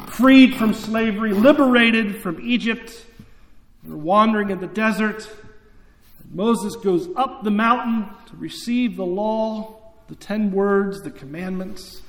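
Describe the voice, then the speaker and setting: High-voiced man preaching in an echoey hall. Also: a little hiss or hum. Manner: conversational, asks the listeners questions. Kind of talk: sermon.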